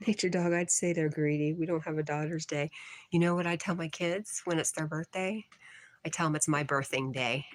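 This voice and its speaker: A woman's voice: low voice, steady tone, fairly quick. A middle-aged woman hosting a casual livestream from her porch, reading chat comments aloud, teasing and laughing often.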